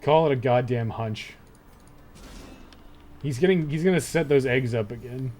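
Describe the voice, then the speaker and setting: A man's voice: medium pitch, unhurried, darkish tone, soft background music. A young man playing a dungeon game on a live stream, muttering and swearing through casual commentary. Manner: laid-back, swears a lot, muttering asides.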